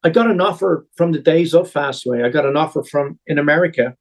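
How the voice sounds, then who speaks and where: A man's voice: a little high, brisk. A middle-aged Irish man, a musician guest on a podcast, telling long rambling stories with plenty of fillers. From Ireland. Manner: rambling storyteller with many fillers. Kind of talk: podcast interview.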